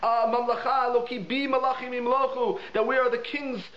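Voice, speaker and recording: A man's voice: sits high, animated, fairly quick, a bit bright. A man voicing a bewildered male alien visitor who fires off questions in rising disbelief, recorded in an echoey room. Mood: baffled. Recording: echoey room, dull lo-fi sound.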